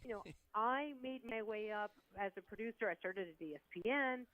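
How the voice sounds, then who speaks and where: A woman in her fifties, a sports broadcaster, chatting on radio as an animated storyteller who acts out quotes. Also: mid-range voice, moderate pace, no echo, rough recording. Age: 50s. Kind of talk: casual sports radio chat.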